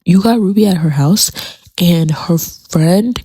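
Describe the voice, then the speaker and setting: A woman's voice: fairly low pitch, takes it slowly, mellow, breathy edge, no echo. A woman giving a casual commentary on a TV episode, chatty and dramatic, repeating phrases for emphasis. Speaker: TV show commentator.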